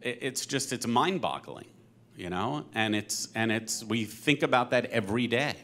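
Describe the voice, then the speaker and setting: A man speaking at a panel conversation as a company co-president, earnest and halting, getting teary. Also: mid-range voice, animated, pushed and bright. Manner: earnest, emotional, halting with fillers. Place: synagogue event hall.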